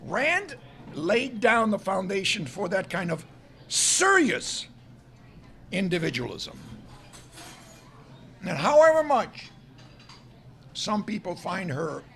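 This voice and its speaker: Male lecturer, high voice with a gravelly edge, emphatic and argumentative. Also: big pitch swings, takes it slowly, long pauses, a bit bright, a little hiss or hum. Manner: emphatic, argumentative, stresses key words. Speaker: guest lecturer. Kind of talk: public lecture. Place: restaurant event room.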